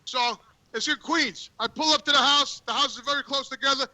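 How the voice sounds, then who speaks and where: A man's voice: extremely high pitch, a little fast, sharp tone. A man telling a crude comic story outdoors, profane and stammering over his words. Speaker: guest calling in. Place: outdoors on a work job.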